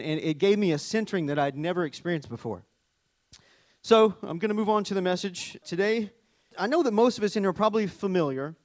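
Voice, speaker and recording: Earnest high-voiced man preaching. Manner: earnest, halting with fillers and restarts. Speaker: pastor. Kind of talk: sermon. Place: church.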